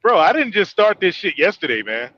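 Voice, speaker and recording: A high, bright man trading casual podcast banter, animated and joking as he tells stories. His voice is tight and dry, close to the mic, and the sound is a little dull. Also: no room sound. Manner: animated storyteller, quick and joking. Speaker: podcast host.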